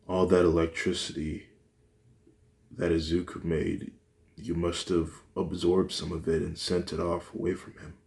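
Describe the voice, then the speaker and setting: Soft, soothing mother, as a man reads her. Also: low-pitched. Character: gentle comforting mother.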